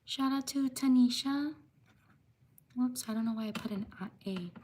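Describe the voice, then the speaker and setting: A woman hosting a craft livestream, steadily giving shout-outs to viewers in the chat and apologizing when she mispronounces their names. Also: fairly high pitch, normal speed, slight background noise. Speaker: livestream host.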